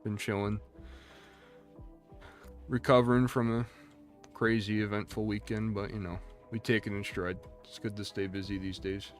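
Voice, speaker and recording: Chatty low-voiced male game streamer. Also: level tone, normal speed, faint music behind. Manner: rambling, chatty, reads and answers chat. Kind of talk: casual livestream chat.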